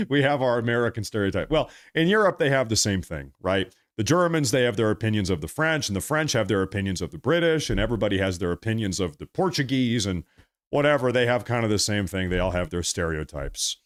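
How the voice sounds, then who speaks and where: A middle-aged man hosting a live stream, reading viewer messages and commenting in a casual, animated, repetitive way. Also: fairly low pitch, a little fast. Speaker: livestream host reading super chats.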